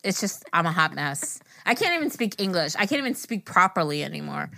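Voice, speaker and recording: A woman's voice: fairly low pitch, very animated, fairly quick, vocal fry, pushed and bright, dry recording. A young woman co-hosting a podcast, chatting casually with a rambling, self-deprecating manner and reading out listener messages. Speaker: podcast co-host.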